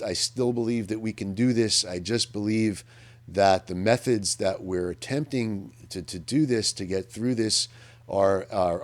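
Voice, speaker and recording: With a fairly low-pitched voice, a radio host gives an unscripted public affairs commentary, speaking earnestly and with emphasis. He frequently restarts his sentences while thinking out loud.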